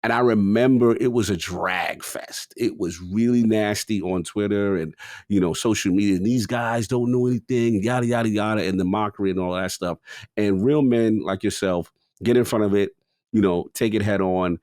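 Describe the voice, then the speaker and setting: A man co-hosting a gaming podcast in casual chat, slangy and animated, jumping into louder acted-out bits. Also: fairly low pitch, moderate pace, no echo, clean studio sound. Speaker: podcast co-host.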